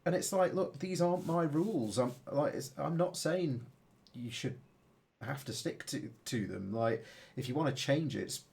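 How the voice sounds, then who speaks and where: Blunt, matey host. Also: male voice, on the high side, animated, normal speed, creaky, darkish tone. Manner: blunt, matey, swears casually. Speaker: livestream host. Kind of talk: casual livestream chat.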